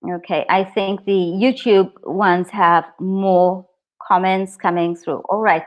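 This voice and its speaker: A woman's voice: mid-range voice, measured pace. A woman teaching a live online English exam lesson, upbeat and encouraging as she talks to her viewers. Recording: dull lo-fi stream audio.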